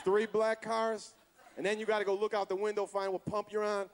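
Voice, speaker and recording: A man's voice: sits high, flat delivery, brisk. A man doing a stand-up comedy set on a club stage, brash and profane, baiting the crowd. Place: comedy club stage before a live audience. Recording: live club with audience and noise.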